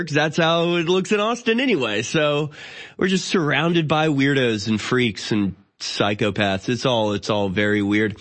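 A man in his thirties rants through an opinionated talk-show monologue in an exasperated, incredulous tone. His voice sits at an ordinary middle pitch. He stumbles and restarts often as he piles on sardonic asides. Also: fairly bright tone. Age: 30s. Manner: halting, with frequent restarts and fillers. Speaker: show host.

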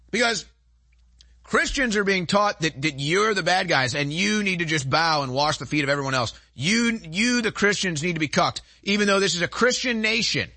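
A male show host delivers a heated political monologue, indignant and emphatic, stacking one rhetorical question on another. His voice sits high with a sharp tone, and there's no room sound.

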